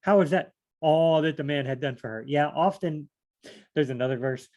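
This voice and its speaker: A man's voice: a little high, normal speed, darkish tone, muffled recording. A man leading a casual Bible study, rambling and asking himself questions as he reads. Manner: rambling, thinks aloud and asks himself questions; repeats phrases, many fillers.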